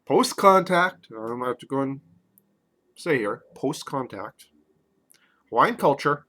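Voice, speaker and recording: A drunk man rambling loosely through a casual liquor review vlog, swinging between loud and soft. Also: mid-range voice, expressive, a little slow.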